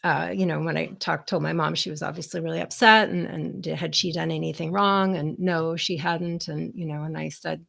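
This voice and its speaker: Low, gravelly woman telling a story casually. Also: normal speed, hardly any pauses. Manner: chatty, many fillers, animated quoting. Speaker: co-host, the host's daughter.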